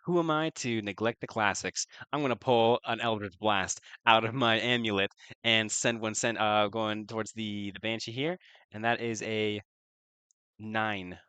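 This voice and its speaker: Man, lowish voice, smooth and clear, playful, hesitant, lots of fillers, tabletop player. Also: fairly even intonation, a little slow, bright, forceful tone, no room sound. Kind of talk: casual tabletop role-play.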